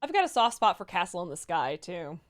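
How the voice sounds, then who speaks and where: A woman's voice: fairly low pitch, very animated. A woman co-hosting a casual livestream, reading viewer messages aloud and chatting with a laugh. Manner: reads donor messages aloud with quick laughs.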